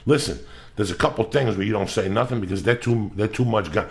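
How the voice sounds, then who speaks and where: A man's voice: fairly low pitch, fast, gravelly. A middle-aged man hosting a podcast, ranting in a casual, profane, emphatic way. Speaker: podcast host.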